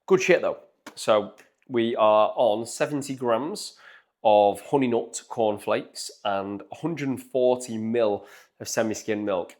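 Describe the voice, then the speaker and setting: Chatty man vlogging. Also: medium pitch. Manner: chatty, upbeat, explains as he goes. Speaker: fitness vlogger. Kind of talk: casual vlog narration.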